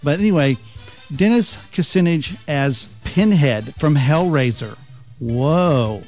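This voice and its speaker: A man's voice: on the high side, expressive, slow, darkish tone, faint music behind. A man hosting a talk radio countdown, chuckling and joking with mocking asides. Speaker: radio talk show host.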